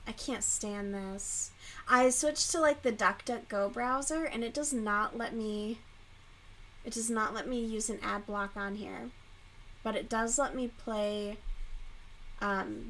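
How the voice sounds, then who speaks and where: A young woman hosting a casual live stream while she crochets, rambling and swearing freely, and getting loud and animated when she rants. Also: medium pitch, a little hiss or hum, rough recording. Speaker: livestream host.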